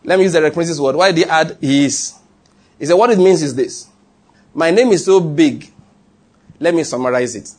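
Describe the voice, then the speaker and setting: A man with a Nigerian accent, preaching a sermon and telling stories, animated and laughing, with call-and-response. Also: on the high side, moderate pace, long pauses. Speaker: pastor. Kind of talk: sermon with storytelling.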